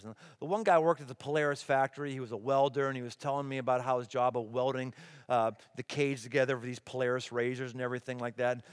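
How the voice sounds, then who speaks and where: A middle-aged man preaching a sermon as pastor, animated and emphatic, acting out the people he quotes. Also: mid-range voice, fast talker, clear, resonant tone. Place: large church auditorium. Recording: long hall reverb.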